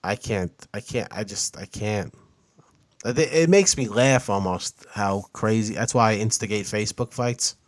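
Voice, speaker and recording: A man's voice: lowish voice, unhurried, no room sound. A man co-hosting a podcast, telling stories in a sarcastic, joking way. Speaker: podcast co-host. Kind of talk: casual chat.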